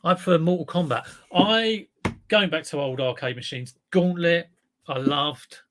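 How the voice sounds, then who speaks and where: A man's voice: fairly high pitch, unhurried, fairly bright tone, a little hiss or hum. A man hosting a casual live stream, chatty and rambling, telling dad jokes.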